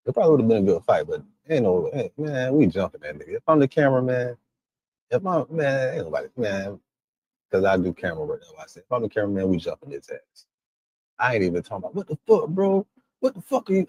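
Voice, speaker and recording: A man giving casual reaction commentary on a stream, his pitch swinging widely as he laughs and acts out lines in high mocking voices. His voice is slightly husky, recorded dry and close on a desk mic. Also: darkish tone, no echo.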